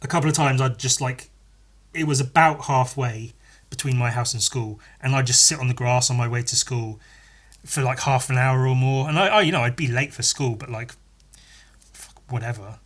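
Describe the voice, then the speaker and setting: A man's voice: medium pitch, normal speed, fairly bright tone. English guy doing a solo podcast, swears a lot, sarcastic, wanders off on tangents. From England. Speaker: podcast host. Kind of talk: casual solo podcast rambling.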